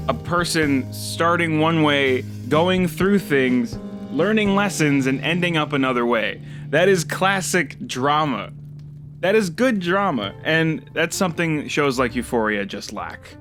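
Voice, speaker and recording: A man hosting a casual chat reviewing a show, talking in an animated way, swearing freely and jumping up in pitch when moved. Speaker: host.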